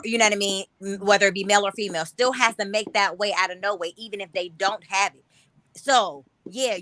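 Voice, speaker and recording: Female podcast co-host, bright, forceful tone, teasing and insistent. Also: mid-range voice, dry recording. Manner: forceful, teasing, pressing her point. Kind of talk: heated casual debate.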